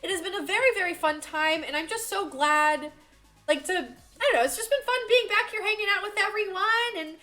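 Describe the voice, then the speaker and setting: A young woman streaming live, chatting loosely with her viewers and breaking into giggles. Her voice sits high and light, with faint music under it. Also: brisk, bright, forceful tone. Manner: giggly, chatty, reads chat aloud. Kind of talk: casual live-stream chat.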